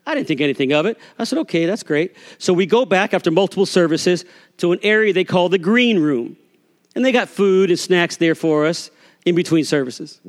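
A man's voice: high voice, animated, a little fast, big-room sound. A man preaching a sermon as a pastor, telling a folksy story and acting out the voices of the people in it. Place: church sanctuary.

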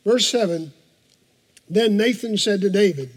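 A man's voice: sits high, expressive, measured pace. A male pastor preaching a morning sermon in a church, earnest and emphatic, repeating key phrases and turning aside to talk casually with the congregation. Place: church sanctuary. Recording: long reverb of a large church hall.

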